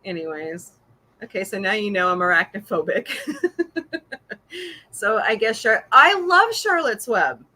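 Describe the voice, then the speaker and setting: A woman's voice: mid-range voice, expressive, measured pace, pauses often, bright, forceful tone. A middle-aged woman from Missouri hosting a casual livestream chat, talking freely, laughing often and answering viewer comments. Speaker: podcast host.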